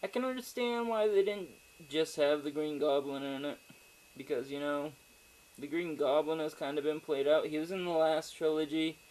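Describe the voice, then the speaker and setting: A man's voice: on the high side, moderate pace, a little mellow, rough recording. A man giving a casual, rambling spoken movie review, swearing freely and often trailing off into fillers and asides. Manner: rambling, profane, with frequent fillers and digressions.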